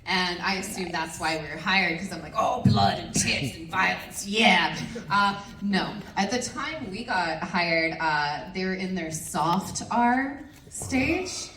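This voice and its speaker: A woman filmmaker on a convention panel, telling lively stories, laughing often and swearing freely. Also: on the low side, slow pace, a little hiss or hum. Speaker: film director on a convention panel. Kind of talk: storytelling panel Q&A. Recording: echoey hall from far off.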